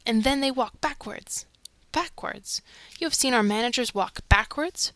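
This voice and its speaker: A woman's voice: on the high side, fairly bright tone, no echo. Woman reading as an agitated male theater secretary. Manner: indignant, rapid questioning.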